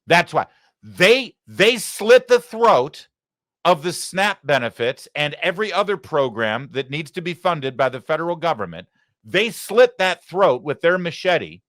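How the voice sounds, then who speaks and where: A male talk show host from Michigan rants with heat and mockery, his pitch leaping around animatedly. His voice is bright and forceful, recorded close and dry with no room sound. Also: no room sound. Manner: heated, mocking rant. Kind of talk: opinion commentary.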